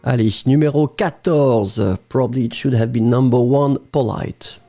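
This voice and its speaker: Chatty French-accented male teacher, gravelly. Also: medium pitch, moderate pace, warm tone, faint music behind. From France. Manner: chatty, laughs often, mixes French into English. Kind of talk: live online language lesson.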